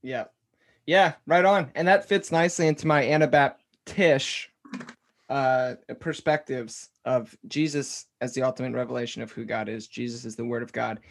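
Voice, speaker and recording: A man hosting a casual interview, relaxed, summarizing the guest's ideas back with filler words. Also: mid-range voice, normal speed, creaky. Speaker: podcast host.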